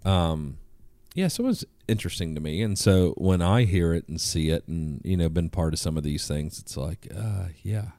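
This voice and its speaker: A man telling stories as a guest in a casual podcast conversation, profane and animated. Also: low-pitched, normal speed, few pauses, no room sound.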